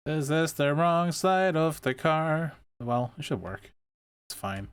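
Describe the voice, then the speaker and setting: A man's voice: on the high side, lively intonation, takes it slowly, smooth. A man streaming an old adventure game, tired and wry, muttering his moves aloud. His talk rises and falls a lot, with self-mocking asides between commands. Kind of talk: casual let's-play commentary.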